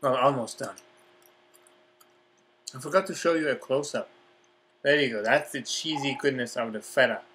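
A man eating on camera in a casual vlog, excited about his food, talking with his mouth full between lots of appreciative mm sounds. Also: mid-range voice, normal speed, long pauses, slightly rough. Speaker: vlogger.

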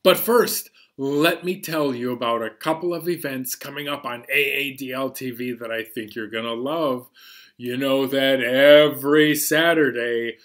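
A man's voice: medium pitch, a bit bright. A man hosting a library storytime for young children, chatting and singing cheerfully while strumming a banjo. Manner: slow, cheerful, sing-song delivery to kids, playing banjo. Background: banjo accompaniment.

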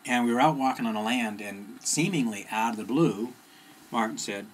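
A man's voice: medium pitch, brisk, low-quality recording. A middle-aged man telling a story in a casual, rambling way, full of fillers and restarts. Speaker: personal development speaker. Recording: faint background noise.

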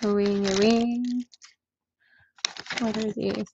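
A woman's voice: medium pitch, level tone, extremely slow, creaky. A woman hosting a casual live sale, chatting to viewers as she unboxes jewelry and counts items aloud. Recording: dull lo-fi audio with faint noise.

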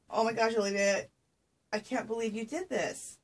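A woman's voice: on the high side, steady tone, normal speed. A woman vlogging to her camera at home as she opens a package of craft gifts, gushing with breathless exclamations of delight. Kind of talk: excited unboxing chat to camera. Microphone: camera she sets up herself.

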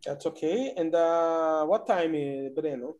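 A man teaching an online English conversation class, coaxing students along slowly with many fillers. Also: a little high, darkish tone.

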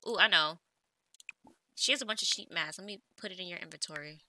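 A let's play gamer with a lowish, sharp-toned voice gives brisk, casual commentary over slight background noise. Chatty and easily exasperated, she talks back to the characters on screen.

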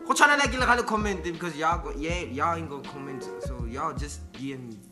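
A young man talks in a high, loose voice, full of slang and filler words as he chats and rambles. Music plays clearly under him. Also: animated, fairly quick. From South Africa. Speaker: YouTuber host. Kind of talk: casual chat and prank call.

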